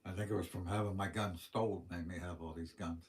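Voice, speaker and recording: A man's voice: deep voice, fairly even intonation, fairly quick. A man with a Western Pennsylvania accent, hosting a casual livestream and telling plain-spoken, rambling stories. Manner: folksy, plain-spoken storyteller. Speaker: livestream host.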